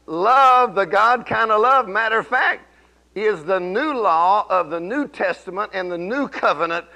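A middle-aged man preaching a sermon, telling folksy stories and swinging from low murmurs to loud exclamations. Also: animated, unhurried, gravelly. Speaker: pastor.

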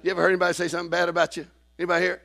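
A man preaching a sermon in church, acting out quoted people and swinging from shouting to hushed asides. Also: high-pitched, completely flat delivery, rapid-fire, creaky.

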